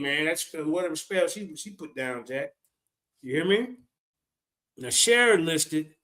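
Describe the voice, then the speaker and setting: A man's voice: high-pitched, bright, forceful tone. A man giving loose, joking reaction commentary, cursing freely and talking straight to his viewers.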